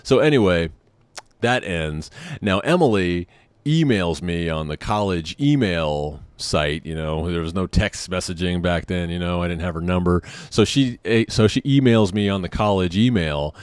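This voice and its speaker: Low-voiced rambling storyteller man. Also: moderate pace, smooth, no room sound. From San Diego. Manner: rambling, with many fillers and asides. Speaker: vlogger. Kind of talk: casual storytelling.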